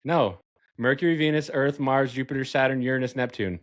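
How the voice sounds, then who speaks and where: A man's voice: medium pitch, fairly quick. A young man hosting a casual podcast, teasing his guest with crude jokes and frequent laughter. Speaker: podcast host. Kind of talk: casual chat.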